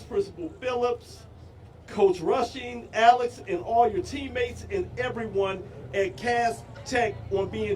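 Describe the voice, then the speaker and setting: A man gives an upbeat, folksy speech that rouses an outdoor rally. His voice sits very high for a man. He is heard from a distance over a cheering crowd and clear street noise. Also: darkish tone. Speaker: police chief giving a speech. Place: outdoor rally at a school parade.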